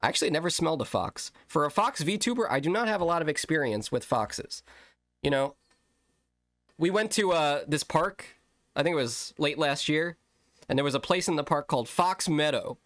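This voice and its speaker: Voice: mid-range voice, expressive, moderate pace, fairly bright tone, no echo. A streamer giving casual gameplay commentary, chatty with rambling asides and laughing at the game. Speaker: streamer playing a video game. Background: game music.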